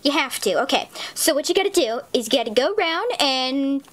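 A woman's voice: high voice, expressive, brisk, a bit bright. A woman voicing an eager young boy who earnestly explains how to break a curse, in a parody sketch.

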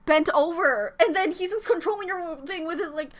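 A young woman reacting to a music video as an excited fan, gushing and exclaiming, thinking out loud with lots of "like"s. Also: extremely high pitch, brisk. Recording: faint music behind the voice.

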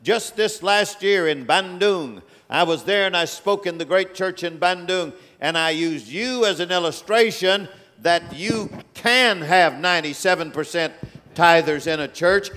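A man preaching a sermon as a guest speaker, swinging between loud, drawn-out declarations and quiet, low rebukes, in a large church auditorium. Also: animated. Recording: long reverb of a big hall.

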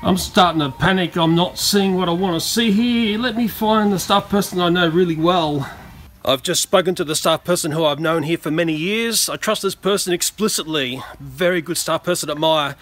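An Australian man vlogging on a shopping trip, talking to the camera in an animated, indignant way. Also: high voice, fairly quick, a little hiss or hum. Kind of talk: casual vlog, talking to camera. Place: shopping centre, car park and store.

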